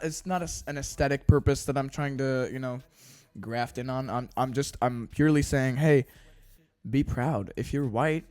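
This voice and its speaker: A young British man putting on an American accent, ranting to camera in a rambling, stammering way, swearing and mocking himself deadpan. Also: medium pitch, no echo. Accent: put-on American. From Britain. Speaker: YouTuber. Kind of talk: casual rant to camera. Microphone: desk studio microphone.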